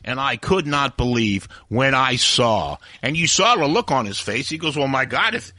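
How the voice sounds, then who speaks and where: A man's voice: mid-range voice, lively intonation, normal speed, sharp tone, dry recording, clean studio sound. A man hosting a talk radio show, delivering a heated, opinionated rant. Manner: ranting, heated, acts out quoted voices.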